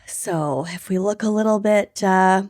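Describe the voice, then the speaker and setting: A woman's voice: mid-range voice, measured pace, a little mellow, dry recording. Wry woman podcast co-host, dry sound. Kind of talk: casual chat.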